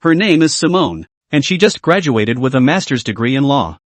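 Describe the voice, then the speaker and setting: A man's voice: mid-range voice, very animated, moderate pace, no room sound, lightly acted. A man reading the lines of an eager young female protégée, polite and earnest.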